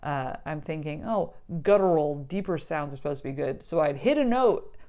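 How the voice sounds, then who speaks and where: A woman's voice: low voice, fairly quick, mellow. A young adult woman casually telling a personal story, chatty, often laughing and filling with "like". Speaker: vlogger telling her birth story.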